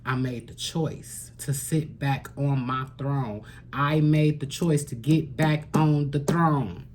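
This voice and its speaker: Low-voiced and unhurried, a female tarot reader addresses the camera with a spiritual reading that feels sincere and preachy. She echoes her own phrases for weight and at times lowers to a gentle near-whisper, over a light hiss or hum.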